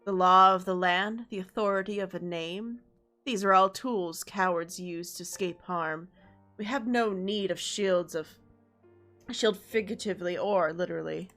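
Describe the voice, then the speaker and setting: Woman reading a wry dark knight mentor. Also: fairly low pitch, faint music behind. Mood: stern. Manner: measured, wry, reading dialogue aloud. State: sore throat. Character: calm confident male dark knight mentor. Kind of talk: reading game dialogue aloud.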